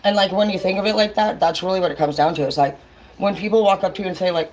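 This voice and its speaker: Blunt, swearing woman vlogger, low voice. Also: quick pace, a little mellow, poor audio. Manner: blunt, profane, talks straight to viewers. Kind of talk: casual livestream rant.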